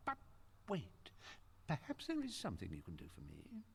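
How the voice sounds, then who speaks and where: A vain, scheming pirate lord. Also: male voice, medium pitch, wildly swooping pitch, normal speed, vocal fry, husky, heavily acted. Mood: smug. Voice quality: theatrical, sly, drawling. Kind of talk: video game dialogue.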